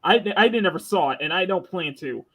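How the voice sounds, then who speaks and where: A man's voice: high-pitched, animated, fairly quick, a bit bright. A man hosting a casual live stream chat, joking, laughing often and restarting his sentences. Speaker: host.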